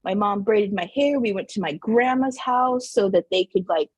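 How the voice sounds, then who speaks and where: Husky, animated woman telling stories. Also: mid-range voice, normal speed, no echo. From Southern New Mexico. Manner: animated, laughing, many "like" fillers. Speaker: podcast guest. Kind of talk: casual storytelling interview.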